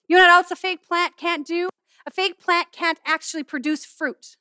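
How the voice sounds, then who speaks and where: A middle-aged woman pastor giving an animated, humorous sermon in a conversational way. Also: very high voice, moderate pace, no echo, studio quality. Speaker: pastor and student chapel speaker. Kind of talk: sermon with object lesson.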